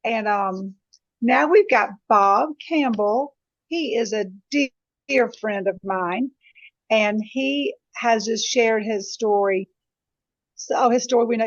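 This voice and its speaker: A woman hosts an online call, gushing over each story in slow, drawn-out phrases. Her voice sits at a middle pitch and comes through dry and dull, like low-fi call audio. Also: no room sound. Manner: effusive, warm praise, slow drawn-out phrasing. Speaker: host. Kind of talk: online group call hosting.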